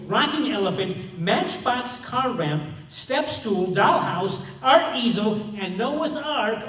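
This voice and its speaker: An older man giving a humorous, rambling retreat talk to a group of men, telling a family story and then joking about marriage. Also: very high voice. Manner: humorous storytelling with many restarts. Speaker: conference speaker. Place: retreat meeting room. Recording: distant, very echoey room mic.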